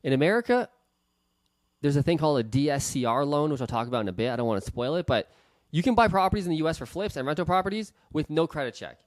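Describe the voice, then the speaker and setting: A man's voice: fairly high pitch, expressive, fast talker, no echo. A man, a real estate investor giving a webinar, talking bluntly and heatedly, swearing freely and leaping up for emphasis. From Canada. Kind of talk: unscripted webinar talk.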